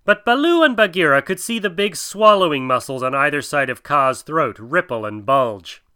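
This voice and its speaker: A man narrating a classic tale as an audiobook in a measured, expressive reading. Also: on the high side, clean tone.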